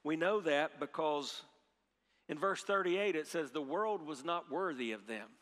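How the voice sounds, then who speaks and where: High-voiced preacher in a reverberant hall. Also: male voice, unhurried. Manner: animated storytelling, swings from hushed to loud; repeats phrases, leads audience call-and-response. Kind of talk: sermon.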